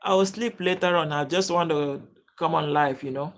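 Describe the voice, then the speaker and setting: A man's voice: a little high, moderate pace, fairly bright tone. A Nigerian man hosting a casual live chat stream, greeting viewers by name and chatting loosely as he reads the chat. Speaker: livestream host.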